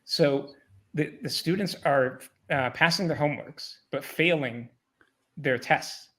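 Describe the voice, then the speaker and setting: A man's voice: fairly high pitch, slow. A man telling stories in a casual livestream chat, swearing often and acting out his past conversations. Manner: profane, animated retelling of exchanges.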